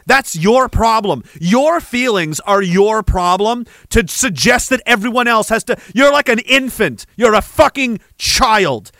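A man's voice: sits high, sharp tone, no room sound. A man ranting angrily and sarcastically, swearing as he reacts to clips. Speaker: online commentator. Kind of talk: profane reaction rant.

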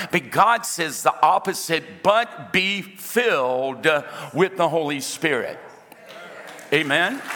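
Animated preacher in a reverberant hall. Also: male voice, on the high side. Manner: animated preacher, acts out dialogue and jokes with the crowd. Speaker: pastor. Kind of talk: sermon. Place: church auditorium.

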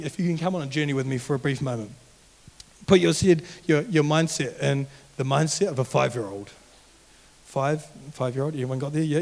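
Earnest, high-voiced youth preacher. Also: male voice. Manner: conversational, earnest, animated. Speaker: youth pastor. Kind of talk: sermon. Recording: long hall reverb.

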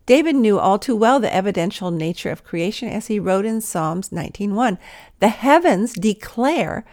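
A woman's voice: mid-range voice, fairly quick, a little mellow. A woman giving a devotional talk in an earnest, intimate manner, sometimes dropping to a whisper. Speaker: Christian speaker.

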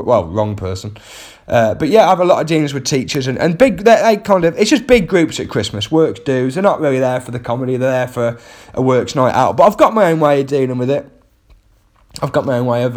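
Man, comedian, podcast monologue, rambling, wry, self-mocking, close mic. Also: mid-range voice. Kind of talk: casual comic monologue.

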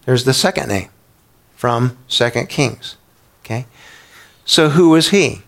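Male pastor, mid-pitched voice, conversational Bible sermon, lots of questions to the room and restarts. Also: animated, slow pace, vocal fry, fairly bright tone. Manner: conversational, asks the congregation questions; repeats words as he restarts.

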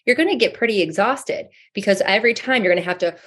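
A woman's voice: medium pitch, animated, fast, a bit bright, slightly rough. A woman guest talking casually about spiritual growth, frank and swearing freely, acting out inner voices as she goes. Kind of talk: casual spiritual coaching talk.

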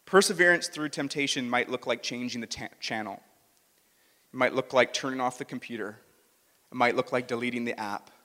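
A man's voice: medium pitch, fairly quick, sharp tone. Man preaching casually in a reverberant hall. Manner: conversational, self-deprecating, with quoted asides. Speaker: pastor. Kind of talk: sermon. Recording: music under a long hall reverb.

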